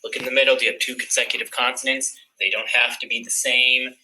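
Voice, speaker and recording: A man teaching a recorded phonics lesson, explaining word patterns clearly, step by step. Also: medium pitch, flat delivery, fast, pushed and bright, rough recording.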